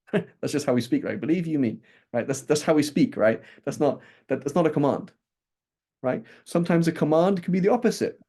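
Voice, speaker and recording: A man teaching a class on Islamic texts, talking in a lively, conversational way with frequent "right?" checks and restarts. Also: a little high, moderate pace.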